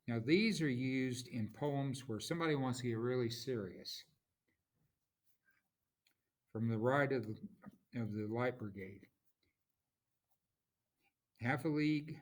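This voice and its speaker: A male teacher giving a classroom lecture at a very slow, deliberate pace. He halts often, restarts phrases and taps out rhythms with his voice as he explains. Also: medium pitch. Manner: slow, halting, with many pauses and restarts.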